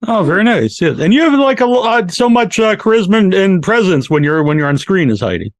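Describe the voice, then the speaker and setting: A man's voice: high voice, big pitch swings, a little fast, no echo. A man hosting a casual podcast interview, friendly and laughing along with his guests. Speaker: podcast host.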